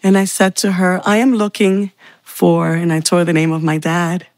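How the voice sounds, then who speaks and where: A woman's voice: on the low side, little pitch movement, normal speed, darkish tone, no echo, clean studio sound. A woman giving an earnest, heartfelt personal faith testimony. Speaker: testimony speaker.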